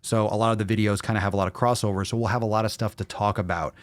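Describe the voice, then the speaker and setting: A man's voice: lowish voice, flat delivery, rapid-fire, no echo. Blunt, profane man hosting a fitness Q&A. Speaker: fitness podcast host. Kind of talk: casual livestream Q&A.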